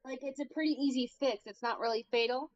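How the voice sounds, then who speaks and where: High pitched woman on a stream, hesitant, lots of likes, muffled lo-fi audio. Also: fast talker. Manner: hesitant, lots of filler words. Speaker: watch-party co-host. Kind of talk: casual livestream discussion.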